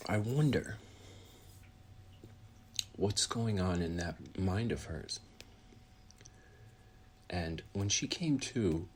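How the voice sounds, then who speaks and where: Grieving man, very low voice, halting heartfelt account, faint hiss behind. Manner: halting, with many pauses and restarts; drops to a soft whisper at times. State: grieving, voice heavy with emotion.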